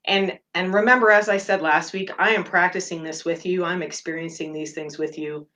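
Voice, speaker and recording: A middle-aged woman hosting a meditation podcast, talking gently and candidly about her feelings. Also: on the low side, steady tone, normal speed, slight background noise. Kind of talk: personal reflective talk.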